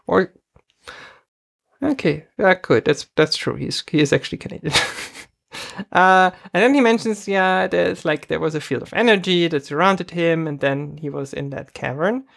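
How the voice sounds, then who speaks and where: A woman's voice: fairly low pitch, lively intonation, moderate pace, gravelly. A woman co-hosting a casual chat, retelling scenes from a show and quoting the characters, with frequent restarts and laughs. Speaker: podcast co-host recapping a TV episode.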